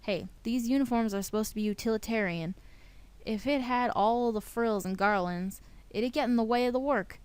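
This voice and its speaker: Woman doing a grumpy southern clerk guy, gruff and stubborn, kinda loud. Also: fairly high pitch, normal speed, lightly acted. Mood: defensive. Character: grumpy young southern male store clerk.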